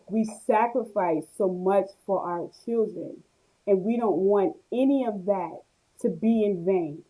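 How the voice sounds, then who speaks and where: Lively woman reading comments. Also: mid-range voice, low-quality recording. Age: 40s. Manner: animated, laughing, reads comments aloud and answers them. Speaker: host of a live stream reading viewer comments. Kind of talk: casual live stream talk.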